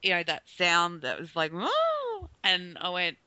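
A speaker in casual chat about a video game, relaxed and hesitant with many fillers. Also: medium pitch, normal speed, clean tone, no room sound. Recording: dry dull lo-fi recording.

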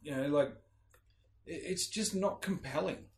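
A man's voice: fairly high pitch, a little slow, creaky, darkish tone. A man co-hosting a casual gaming podcast, mostly agreeing and chiming in, swearing casually. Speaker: podcast co-host. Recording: roomy echo.

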